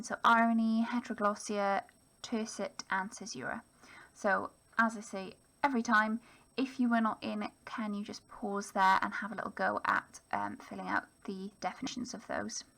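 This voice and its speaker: A woman teaching English literature in a recorded lesson voice-over. She talks in a relaxed way, with frequent ums and small self-corrections. Her voice is gravelly and creaky at a middling pitch. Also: poor audio.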